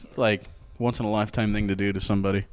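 Very fast and level in tone, his voice sits on the low side. The young man hosts a casual sports podcast where he tells stories loosely, swears a lot, and laughs often.

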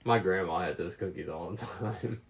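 A man's voice: low-pitched, moderate pace, gravelly, crowd noise. A man co-hosting a podcast, talking in a casual, profane, sarcastic ranting way. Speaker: podcast co-host. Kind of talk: casual chat. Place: Newport, Kentucky area.

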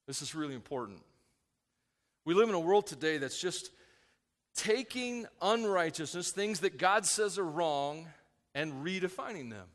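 Man, pastor, sermon, emphatic, bright voice, long reverb. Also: fairly high pitch. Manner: emphatic, swings from loud preaching to quiet asides.

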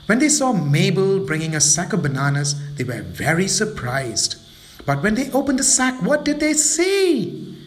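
A male storyteller reads a children's tale aloud at an unhurried pace. His voice sits somewhat high for a man and rises and falls expressively.

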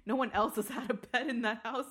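A woman's voice: fairly high pitch, fairly even intonation, a little fast, a bit bright. A woman in her twenties co-hosting a casual podcast, rambling and laughing often. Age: 20s. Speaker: podcast co-host. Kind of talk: casual chat.

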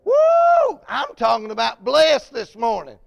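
A man preaching a fervent sermon, calling out to the congregation and building to shouted peaks. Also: very high voice, measured pace, creaky, clean tone, dull audio.

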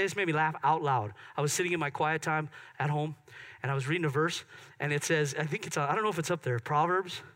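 A middle-aged man preaching a sermon in church, swinging from excited loud peaks to soft hushed moments. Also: on the high side. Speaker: pastor. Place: church sanctuary.

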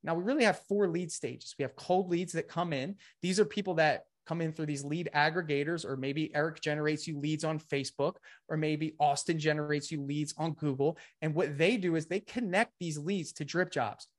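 A man's voice: on the high side, fairly even intonation, moderate pace, few pauses. A man giving a live webinar sales presentation, talking energetically and a bit winded, often saying "okay" and "guys".

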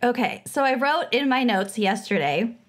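High-ish voiced woman on a podcast, giggles through her story. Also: expressive, moderate pace. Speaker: podcast co-host. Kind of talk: casual chat.

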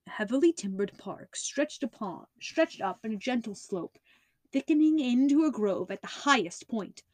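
A woman narrating a classic story as an audiobook reader, in an even, clear storytelling voice. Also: on the high side, normal speed, no room sound. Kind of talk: scripted narration.

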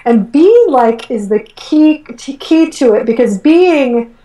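A woman energy work coach, guesting on a casual interview, takes it slowly as she tells animated stories, performing her own remarks and thoughts with many "like"s and "um"s. Her fairly high voice comes from a distance in an echoey room.

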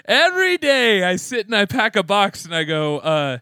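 A young man co-hosting a casual comedy podcast, rambling and excitable, laughing often. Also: sits high, normal speed, clean tone, no room sound, studio quality. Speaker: podcast co-host.

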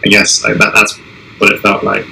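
A young man being interviewed, talking casually with many restarts and pauses. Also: fairly low pitch, monotone, gravelly, sharp tone, slight background noise, rough recording. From Israel. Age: young adult. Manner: halting, many restarts and "I mean". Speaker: guest, Olympic alpine skier.

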